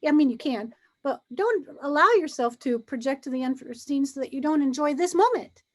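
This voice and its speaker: Brief: female co-host, high voice, reflective and unhurried on key points, relaxed chat. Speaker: podcast co-host. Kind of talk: casual conversation.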